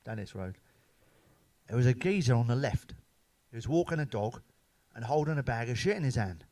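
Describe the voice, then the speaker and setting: A man's voice: mid-range voice, animated, fairly quick, mellow. A middle-aged man, telling coarse, swearing jokes in a casual stand-up monologue. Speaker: stand-up comedian. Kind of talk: joke-telling monologue to camera.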